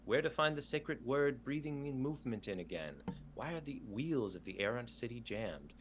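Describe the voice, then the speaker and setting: A man's voice: medium pitch, expressive, moderate pace, noisy background. A man running a tabletop game over a video call, reading prompts aloud in an easygoing way. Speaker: game master.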